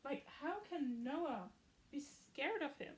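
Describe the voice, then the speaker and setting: High-voiced woman chatting sarcastically. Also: lively intonation, slow pace. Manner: chatty and sarcastic, with wry asides. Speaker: film recap YouTuber. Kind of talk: casual film recap.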